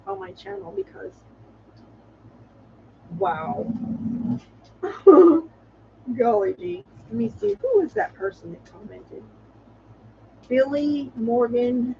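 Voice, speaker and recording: A woman's voice: a little high, vocal fry, lo-fi sound, slight background noise. A woman hosting her own livestream, talking in a rambling, chatty way with frequent laughs and exclamations. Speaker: channel host. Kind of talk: casual livestream commentary.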